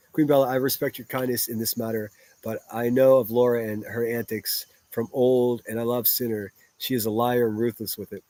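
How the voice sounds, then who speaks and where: A man's voice: mid-range voice, darkish tone, dry recording. Profane ranting man, dry close sound. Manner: profane, combative and blunt. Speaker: livestream drama commentator. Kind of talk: ranting livestream commentary, reading chat aloud.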